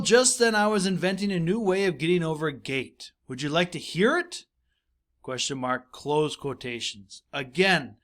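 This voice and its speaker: A man's voice: fairly high pitch, a bit bright. A male teacher giving a recorded grammar lesson, explaining patiently, repeating his points and reading example sentences aloud.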